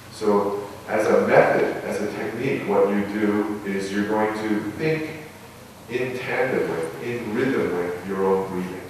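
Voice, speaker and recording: A man, a Buddhist monk, giving a dharma talk on meditation in a measured, pausing, reflective way, heard from a distance in a large hall. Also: fairly low pitch, a little mellow, slight background noise. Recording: echoey hall, mic far off.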